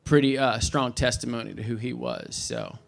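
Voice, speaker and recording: Guy at a memorial, tells a story, keeps restarting, mid pitch. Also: big pitch swings, vocal fry, faint music behind. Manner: halting, with many restarts and fillers. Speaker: friend giving a eulogy.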